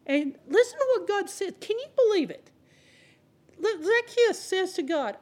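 A woman preaches a sermon in a very high, highly animated voice at a measured pace. She speaks directly to the congregation, conversational and funny, telling stories as she goes.

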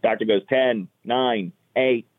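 A man's voice: mid-range voice, takes it slowly. A man telling dad jokes in a casual comedy podcast chat, jokey and self-deprecating, often trailing off mid-sentence. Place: golf course. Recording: tinny phone-like sound.

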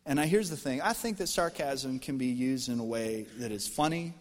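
An American man preaching a sermon as pastor, talking to the congregation in a lively, conversational way with jokes. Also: medium pitch, moderate pace. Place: church auditorium. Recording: long reverb from a church hall.

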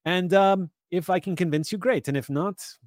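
A man's voice: high-pitched, normal speed, darkish tone, no room sound, clean studio sound, pitched above the performer's own voice, close to an everyday voice. A man voicing a shady male opportunist who keeps pushing a bargain in a persuasive, wheedling way. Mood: scheming.

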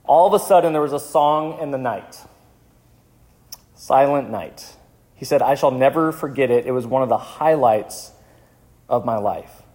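A male pastor telling a vivid story in a sermon, slowing down for dramatic moments. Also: mid-range voice, darkish tone. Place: church.

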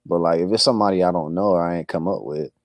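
Deep-voiced laid-back man. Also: fast, no room sound. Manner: laid-back, loose and joking, says "man" a lot. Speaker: podcast co-host. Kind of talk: casual chat.

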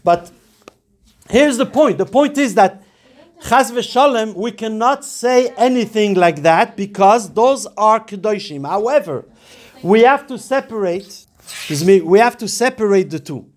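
A man with a high, light voice leads a Torah lesson, explaining a Talmud passage with earnest care. He drops Hebrew and Yiddish terms into his English as he goes. At times he pushes into urgent, emphatic exhortation. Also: animated, measured pace. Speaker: rabbi teaching Talmud. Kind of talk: Torah class lecture.

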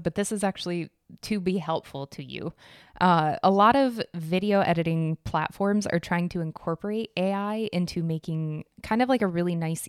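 Woman, podcast host, casual rambling commentary, blunt, smooth voice, dry close mic. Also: on the low side, a little mellow, no echo. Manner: chatty and rambling, with fillers, blunt and swearing.

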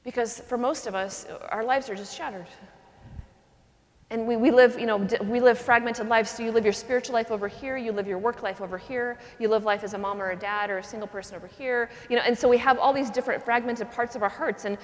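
A nun gives a charismatic retreat talk in a cathedral, teaching earnestly and conversationally while acting out little scenes. Her fairly high voice stays steady and quick, and a long cathedral reverb follows her words.

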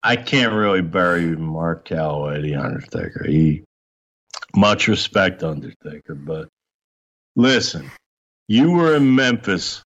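A man's voice: low voice, dull audio. A man ranting in a heated, profane, mocking way during a podcast chat. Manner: foul-mouthed, heated, mocking.

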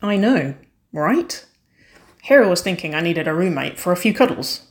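A woman's voice: lowish voice, very animated, normal speed. A woman voicing a playful, teasing young woman firefighter who jokes about being a hero, in a read-aloud story. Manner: cheeky, joking, grinning.

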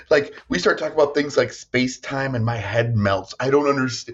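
A man co-hosting a podcast in casual chat, animated and self-deprecating. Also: medium pitch, fairly quick, few pauses, a little hiss or hum. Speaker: podcast co-host. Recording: dull lo-fi sound.

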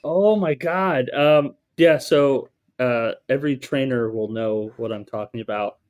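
A playful man co-hosting a casual podcast and telling stories from his work as a trainer. He speaks in a mid-range voice, with a relaxed, joking manner. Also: medium pitch, a little slow, lo-fi sound. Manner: playful, storytelling. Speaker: podcast co-host, former trainer.

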